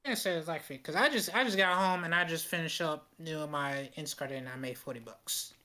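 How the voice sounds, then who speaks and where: A woman calling in on a voice call, making her case in a lively, persuasive way and walking through the numbers. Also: low voice, fairly quick. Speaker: call-in viewer. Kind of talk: casual voice-call chat.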